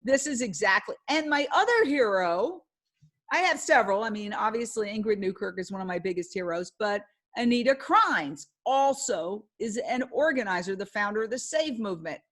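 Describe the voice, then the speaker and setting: A woman's voice: medium pitch, animated, moderate pace, a bit bright. A woman journalist telling a story in a passionate, emphatic way during a casual live talk. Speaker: guest speaker, journalist.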